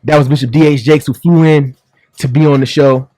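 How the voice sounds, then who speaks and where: A man's voice: on the high side, steady tone, a little fast, dark tone, no room sound. A man hosting a sports talk show, joking and chatty, in a studio. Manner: upbeat, joking, laughs often. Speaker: sports radio host.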